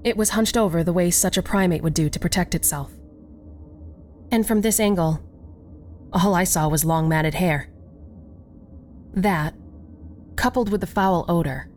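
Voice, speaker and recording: A woman narrating a first-person horror story in a slow, measured storytelling voice. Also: fairly low pitch, a little mellow.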